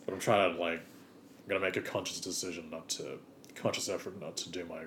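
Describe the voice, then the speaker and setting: A man's voice: low-pitched, a little fast, slight background noise. A man co-hosting a podcast in a rambling, giggly, casual comedic chat. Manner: giggly, rambling, deadpan teasing. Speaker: podcast co-host.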